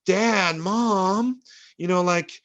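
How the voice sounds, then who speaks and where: A man's voice: high-pitched, drawn-out words, fairly bright tone, pitched above the performer's own voice, full character voice. A man voicing a teenage girl pleading with her parents, in a raised, breathless voice.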